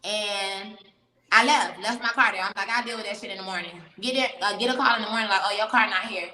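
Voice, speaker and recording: A woman telling a story as an interview guest, animated and profane, laughing often. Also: mid-range voice, fast, reverberant, in a large hall, poor audio. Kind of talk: casual storytelling.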